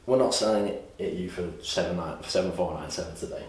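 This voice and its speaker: Energetic man pitching in an echoey room. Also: a little fast, few pauses. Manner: energetic, salesy, repeats himself. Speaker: course presenter. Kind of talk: sales pitch presentation. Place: room with a whiteboard. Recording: echoey room, distant mic, faint hiss.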